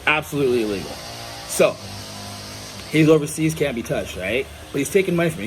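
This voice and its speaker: A man's voice: mid-range voice, slight background noise. A man giving an angry, profane monologue to camera at home, blunt and combative. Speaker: vlogger. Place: indoors at home.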